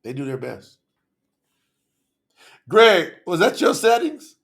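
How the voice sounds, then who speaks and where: Man, livestream host, gravelly voice, a bit high, passionate, casual slang. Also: huge pitch swings, slow, fairly bright tone. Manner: passionate, addresses viewers directly in casual slang.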